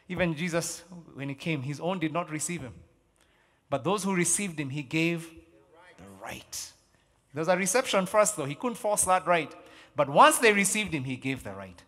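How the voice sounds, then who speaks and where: A middle-aged man preaching a sermon as pastor, emphatic and animated, repeating key phrases as he tells stories. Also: fairly high pitch. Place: large church hall. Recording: long church hall reverb.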